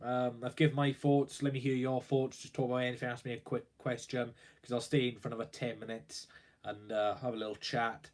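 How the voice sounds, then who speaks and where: Young guy live streaming about his football club, worried and rambly, lots of ums, mid pitch. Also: level tone, a little fast, darkish tone. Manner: worried, rambling, with fillers and restarts. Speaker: football fan livestreamer. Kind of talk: casual live-stream commentary.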